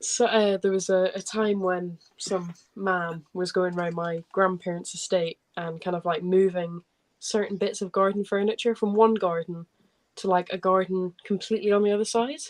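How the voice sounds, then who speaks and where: A woman's voice: on the low side, fairly even intonation, normal speed, low-quality recording. A woman chatting casually on a live stream, telling an amused story.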